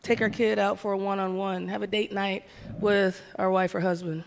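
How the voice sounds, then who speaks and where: A woman's voice: mid-range voice, normal speed, gravelly, slight background noise. A woman from the American South gives a motivational keynote, talking energetically and firing questions at the audience. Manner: energetic, conversational, keeps asking the audience questions. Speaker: keynote speaker. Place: large event hall. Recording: long hall reverb.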